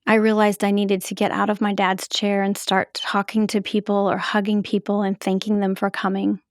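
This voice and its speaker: A middle-aged woman telling her own story as a podcast host, in a measured, halting, emotional way. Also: mid-range voice, completely flat delivery, no room sound, clean studio sound. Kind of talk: reflective personal storytelling.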